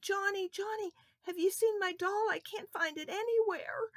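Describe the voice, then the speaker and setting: A woman's voice: moderate pace, dry recording, studio quality. A woman voicing a tearful little girl asking her brother about her lost doll, in a children's storybook telling. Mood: pleading. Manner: pleading, high.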